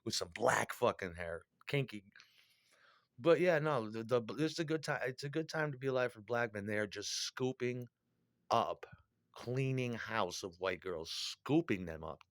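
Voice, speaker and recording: A man's voice: medium pitch, animated, moderate pace, no echo, studio quality. A middle-aged man delivering a crude, profane, rambling monologue.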